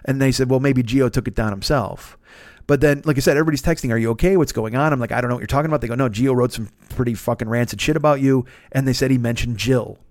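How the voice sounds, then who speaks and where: A man's voice: mid-range voice, fast, a little mellow, no room sound, studio quality. A man in his fifties hosting a comedy podcast, telling a long story in a casual, profane way, full of restarts and self-interruptions. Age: 50s.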